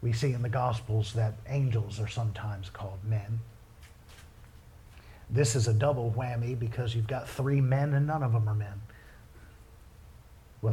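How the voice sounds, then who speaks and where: Male pastor, mid pitch, preaching in a church: plain teaching, then fervent appeals with soft whispers. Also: a little hiss or hum. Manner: builds from calm teaching to loud, impassioned pleading with hushed whispered asides; folksy, conversational preaching. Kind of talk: sermon.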